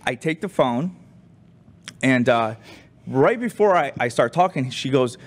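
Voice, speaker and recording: A young man tells a story with rambling fillers and animated swings in pitch. He talks casually, like a crew member joking around on a show. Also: measured pace.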